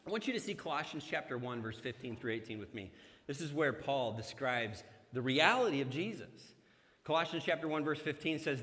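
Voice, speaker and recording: A man's voice: medium pitch, animated, a little fast, fairly bright tone. A middle-aged male pastor preaching a sermon in a church sanctuary, mixing scripture with humorous personal stories in a conversational way. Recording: long church hall reverb.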